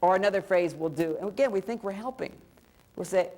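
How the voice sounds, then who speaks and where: A man's voice: on the high side, fast. Middle-aged guy doing a funny relationship seminar, chatty, talks right at the crowd, acts out what couples say. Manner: animated, acts out spouses' lines in quoted voices; conversational, addresses listeners directly. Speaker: relationship lecturer. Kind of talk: humorous seminar talk to a live audience.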